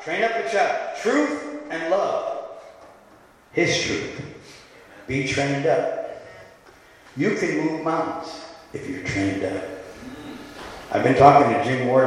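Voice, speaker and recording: Impassioned pastor preaching in an echoey hall. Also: male voice, medium pitch, unhurried, a little hiss or hum. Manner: impassioned, swings from quiet to shouting. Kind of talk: sermon. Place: church.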